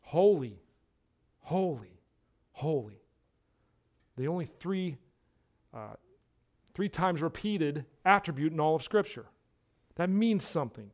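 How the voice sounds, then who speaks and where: High-voiced man preaching emphatically. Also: lively intonation, a little slow, long pauses. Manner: emphatic preaching, repeats words for emphasis, swings between hushed and loud. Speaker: pastor. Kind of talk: sermon.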